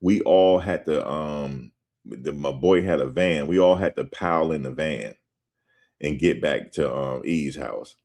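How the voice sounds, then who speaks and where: Low-voiced man telling a story. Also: measured pace. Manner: animated, conversational, addresses listeners directly as "guys". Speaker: show host. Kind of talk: casual spoken storytelling and commentary.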